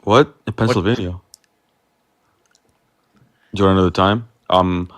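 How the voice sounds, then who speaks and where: A young man in his late teens calls in, his very deep voice sounding dry and close. He speaks haltingly, with many pauses and fillers. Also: fairly even intonation, a bit bright, dry recording. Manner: hesitant, halting. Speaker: caller. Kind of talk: call-in debate.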